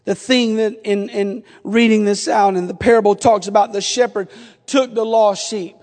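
A middle-aged man preaching a sermon, moving between quiet storytelling and shouted exhortation. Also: high-pitched, fairly even intonation, moderate pace. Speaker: pastor. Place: church sanctuary. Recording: long church reverb.

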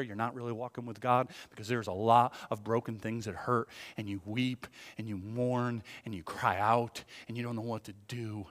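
Male pastor preaching in a big echoey church, bright voice, goes from quiet asides to really loud, lots of rhetorical questions. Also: mid-range voice. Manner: animated, swings from hushed asides to loud emphatic peaks; conversational, with fillers and rhetorical questions. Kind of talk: sermon. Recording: long hall reverb.

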